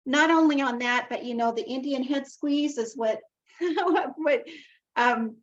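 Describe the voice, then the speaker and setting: A woman with a slightly high voice hosts an online group call. She talks casually and keeps circling back to loving affirmations. The video call sound is dull and lo-fi. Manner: warm-hearted, repeats herself, loving affirmations. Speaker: call host.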